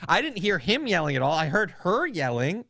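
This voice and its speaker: Lively, storytelling young man on a podcast. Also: high voice, brisk, dry recording. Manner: rambling storyteller, laughs often. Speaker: podcast co-host. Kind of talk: casual chat.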